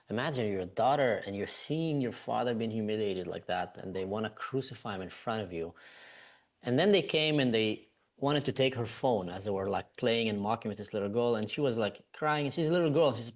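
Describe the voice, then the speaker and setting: A man's voice: fairly low pitch, moderate pace. A man from Israel, a podcast guest, earnestly recounting events with frequent "you know" fillers.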